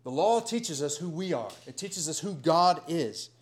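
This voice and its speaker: A middle-aged man preaching a sermon in a conversational, animated way with folksy asides. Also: a little high, normal speed. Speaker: pastor.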